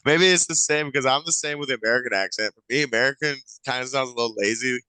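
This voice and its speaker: A man's voice: mid-range voice, quick pace, bright, forceful tone, clean tone, no echo, low-quality recording. A man chatting as a podcast guest, laid-back and laughing often. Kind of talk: casual chat.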